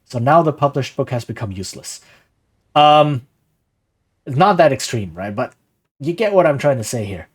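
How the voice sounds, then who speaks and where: A slightly rough, mid-range male voice moves at a moderate pace, broken by long pauses. Streaming live, he talks casually and with energy about game design and running tabletop games, frequently saying "right?" and answering chat after reading it out.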